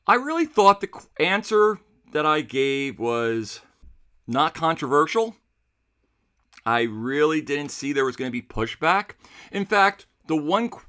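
A man who teaches seventh grade history, telling a story in a casual, animated way and acting out the dialogue. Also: a little high. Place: New Jersey.

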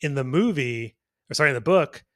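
A man's voice: fairly high pitch, animated, brisk, no room sound, studio quality. A man co-hosting a podcast, talking in a rambling, loose way with many restarts. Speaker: podcast co-host. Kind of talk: casual chat.

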